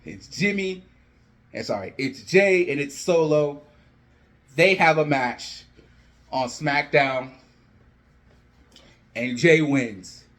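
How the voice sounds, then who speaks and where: Young man telling a story, slightly high voice. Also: takes it slowly, long pauses. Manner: animated, acts out characters' lines in quotes. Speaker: wrestling fan video host. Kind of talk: casual fantasy-booking storytelling.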